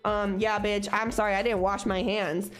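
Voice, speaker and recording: A woman co-hosting a podcast, telling a story in a casual, animated, profane way. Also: medium pitch, moderate pace, soft background music. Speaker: podcast co-host.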